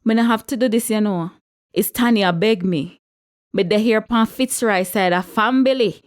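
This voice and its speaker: A woman with a Jamaican accent voicing an angry bridesmaid who shouts in patois. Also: medium pitch, moderate pace, voice pushed up, close to an everyday voice.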